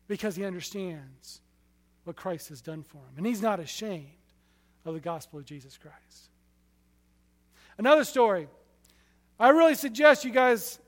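A man preaching a sermon, telling stories with passion, his loudness rising and falling sharply. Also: high voice, big-room sound.

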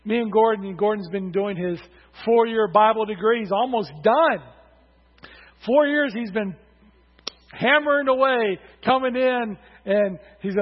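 A male pastor preaches with emphatic rising calls to his congregation. His voice sits high and a little husky. The sound is dull and lo-fi, with a long hall reverb around it. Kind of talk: sermon.

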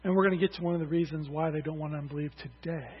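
Racing through his sermon with fairly even intonation, a pastor makes emphatic, rising appeals to the congregation in a high, somewhat husky voice. The audio is dull and lo-fi, echoing with a long hall reverb.

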